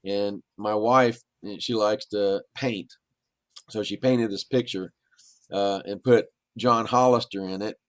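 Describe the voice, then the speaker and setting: A man's voice: on the low side, fairly even intonation, slow, no echo. A middle-aged man, a podcast guest, telling long rambling stories in a casual, anecdotal way. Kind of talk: casual storytelling.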